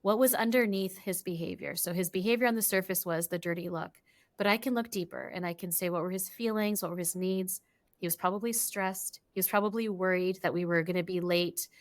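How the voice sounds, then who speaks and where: Woman, interview guest, relationship coach, reflective explainer, fairly low pitch. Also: steady tone, brisk. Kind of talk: interview answers.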